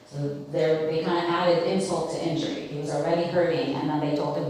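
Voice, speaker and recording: A woman's voice: low voice, steady tone, fairly quick, a crowd in the background. A woman leading a Bible study, talking casually and asking the group questions, with lots of fillers. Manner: conversational, asks the group questions, many fillers. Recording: very echoey room, mic at a distance.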